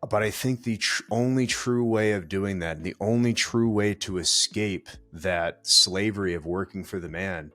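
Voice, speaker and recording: A deep male voice, heard over faint music, belongs to a podcast co-host sharing a story. He speaks earnestly and casually, and the music sits quietly under him. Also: normal speed, few pauses. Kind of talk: casual podcast chat and anecdote.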